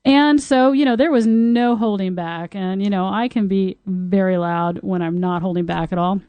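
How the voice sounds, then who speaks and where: A woman's voice: mid-range voice, moderate pace, clean tone, no echo, phone-quality sound. A woman podcast host and Tantra teacher with a singer's trained voice, telling stories candidly and talking openly about intimacy. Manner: lively, frank, openly talks about intimacy. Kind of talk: candid storytelling chat.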